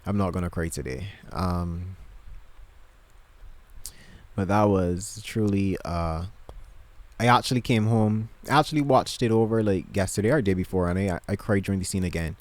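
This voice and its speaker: A man's voice: low-pitched, moderate pace, long pauses, darkish tone. A man vlogging casually from his bedroom, gushing and emotional, rambling with lots of fillers and restarts. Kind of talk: casual chat to camera.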